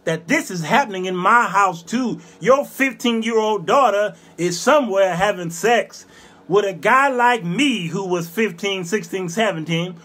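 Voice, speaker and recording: A man in his fifties hosting a show, delivering a fiery, scolding monologue with repeated hammering phrases and bursts of shouting. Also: high voice, a little slow. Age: 50s. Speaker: show host. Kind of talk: ranting monologue.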